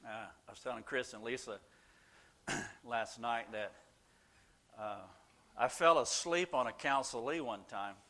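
Speaking at a measured pace in a medium-pitched voice that sounds pushed and bright, an older Christian counselor casually shares folksy stories at his own expense with a small group. He says "uh" often throughout this storytelling talk.

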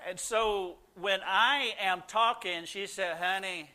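A middle-aged man telling stories to a live audience, animated, and loud when he acts out how his family talked. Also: high-pitched, takes it slowly. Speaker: speaker answering audience questions. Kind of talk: casual talk to a live audience.

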